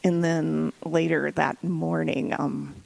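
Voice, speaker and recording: Interview guest: woman, low and gravelly, husky, chatty, quick to laugh. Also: flat delivery, a little mellow, no room sound, poor audio. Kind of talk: casual storytelling interview.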